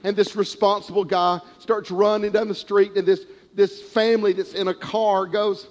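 A man preaching a sermon, retelling a parable with animated storytelling and acted-out characters. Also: high-pitched, normal speed, hardly any pauses. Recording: long hall reverb.

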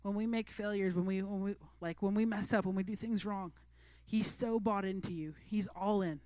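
A woman's voice: medium pitch, fairly even intonation, moderate pace, warm tone, no echo. A woman preaching a sermon to a youth group in an earnest, conversational way. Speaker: youth pastor.

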